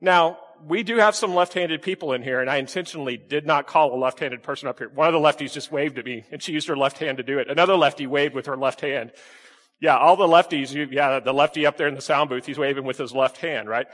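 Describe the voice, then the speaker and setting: A man's voice: a little high, fast, a bit bright, in a large hall. A man preaching a sermon to his congregation, quizzing them with frequent questions and playful asides. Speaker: pastor. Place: church sanctuary with congregation.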